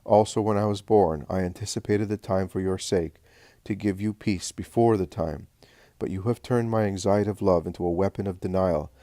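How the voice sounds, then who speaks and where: A man voicing a gentle, serene male teacher who speaks calmly and tenderly. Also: deep voice, no echo, clean studio sound, natural voice. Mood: earnest. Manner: calm, measured, tender.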